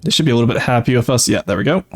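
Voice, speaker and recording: A male streamer talks his way through a strategy game at an ordinary middle pitch, musing aloud and explaining each move. He corrects himself mid-sentence and fills pauses with "uh", while soft music plays quietly underneath. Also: lively intonation, husky. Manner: thinking aloud, explaining tactics with frequent fillers. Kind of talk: casual live-stream commentary.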